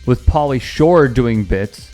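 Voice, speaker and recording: A man hosting a news commentary show, linking clips with measured narration. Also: mid-range voice, animated, mellow, faint music behind. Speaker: host.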